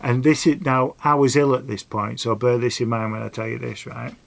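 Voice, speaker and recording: Man, middle-aged, rambling earnest vlog talk, average pitch, dry recording. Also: fairly even intonation, a little fast, creaky, no room sound. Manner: rambling, earnest, dialect grammar. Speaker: vlogger. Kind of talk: casual storytelling and advice to camera.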